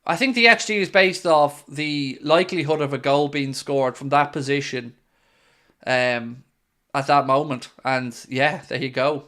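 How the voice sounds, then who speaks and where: An Irish man hosting a live football watchalong, reacting excitedly and calling the play as it happens. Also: medium pitch, measured pace. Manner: excitable, jumps into play-by-play shouts. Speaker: watchalong host. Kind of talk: live match reaction commentary.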